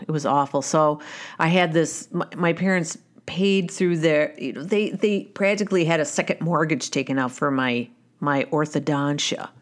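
A woman, a wife and mother, telling a personal story in a candid, wry, conversational way, often restarting her sentences. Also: low-pitched.

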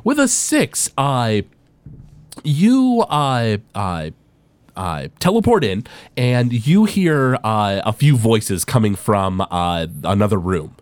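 Hesitant male game master, lively pitch. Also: slow pace, dry recording. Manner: hesitant, many fillers. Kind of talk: narrating a tabletop game.

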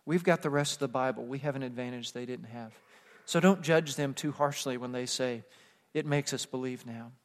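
A man preaching a sermon as pastor, moving between quiet conversational asides and emphatic, rising passages. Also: on the high side. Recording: long hall reverb.

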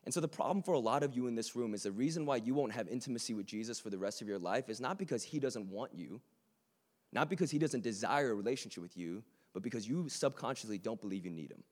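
A man's voice: mid-range voice, expressive, quick pace, a little mellow. A man preaching a sermon to a live room, earnest and conversational, with joking asides to the audience.

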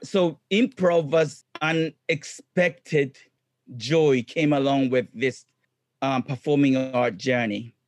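Man in halting non-native English. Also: mid-range voice, fairly even intonation, dry recording. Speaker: guest, clown comedian and improviser. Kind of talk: casual interview.

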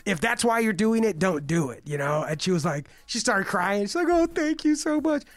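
A man's voice: high voice, lively intonation, a little fast, fairly bright tone, no echo. A man in his forties telling a rambling story on a casual podcast, full of fillers and swearing. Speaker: co-host.

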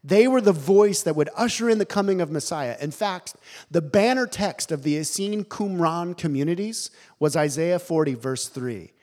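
A man preaching a sermon, animated and emphatic, telling the story with dramatic pauses. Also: on the high side.

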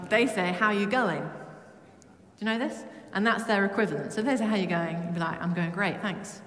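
A woman from Britain preaching a lively, humorous sermon to her church. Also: fairly low pitch. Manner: humming song snippets. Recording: echoey church with long reverb.

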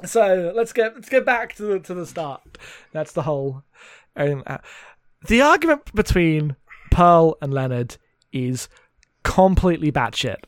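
A man's voice: a little high, very animated, unhurried, no room sound, clean studio sound. A man co-hosting a casual book discussion, sarcastic and swearing freely as he mockingly acts out the characters. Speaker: podcast co-host.

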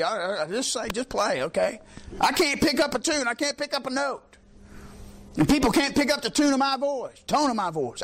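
A man's voice: very high voice, fairly bright tone. A middle-aged man preaching a sermon in an emphatic, rhetorical call-and-response manner.

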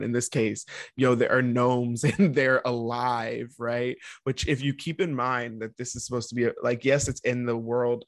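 A man with a gravelly edge to his voice talks loosely with a co-host, laughing often and slipping into voices for quoted lines. The sound is dry and close, with no room around it. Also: medium pitch, little pitch movement, normal speed, hardly any pauses, dry recording. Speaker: podcast co-host. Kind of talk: casual chat.

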